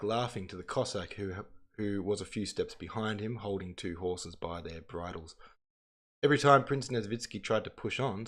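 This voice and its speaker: A man hosting a livestream, chatting in a rambling way and reading passages aloud. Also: on the low side. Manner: rambling, chatty, self-interrupting. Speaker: livestream host.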